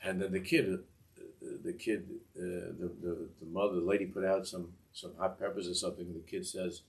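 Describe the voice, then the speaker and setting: A man teaching a class who tells a Hasidic story in a rambling, halting way, with many restarts and asides. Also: low voice, level tone, recorded from a distance. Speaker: Torah teacher.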